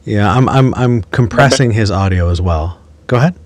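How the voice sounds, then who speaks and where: A man hosting a podcast, talking quickly and casually with some stammering. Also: fairly low pitch, dry recording. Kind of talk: casual chat.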